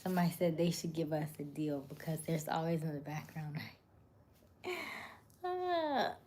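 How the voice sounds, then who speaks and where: A woman with a very low voice talks through a relaxed live-stream chat in a soothing, warm and calm way. She often lets her words fall to a near whisper. Faint background noise sits under her voice. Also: a little slow. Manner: soft-spoken, often dropping to a near whisper. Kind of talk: casual live-stream chat reading viewer comments.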